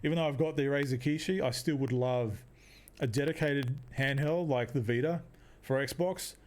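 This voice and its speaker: A man's voice: mid-range voice, moderate pace, a little mellow. A young man hosting a casual solo podcast, rambling, laughing often and restarting his sentences. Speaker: podcast host.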